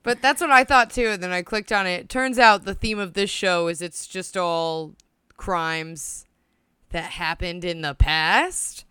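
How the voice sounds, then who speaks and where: Chatty podcast co-host, a woman; bright crisp voice, dry close mic, laughs easily. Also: on the low side, unhurried, dry recording. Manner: giggly, swearing, rambling. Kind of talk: casual chat.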